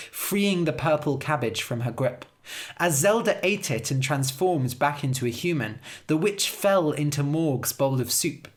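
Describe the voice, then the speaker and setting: A woman telling a storybook tale for English learners, her pitch rising and falling freely as she reads. The narration is scripted and clearly paced, and she gives the story plenty of expression.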